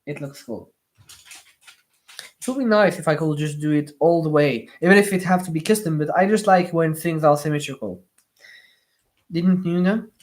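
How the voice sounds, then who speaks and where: A live streamer chatting casually while building with LEGO, answering viewer comments in slightly awkward non-native English, with lots of pauses and restarts. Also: mid-range voice. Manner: hesitant, many fillers and restarts.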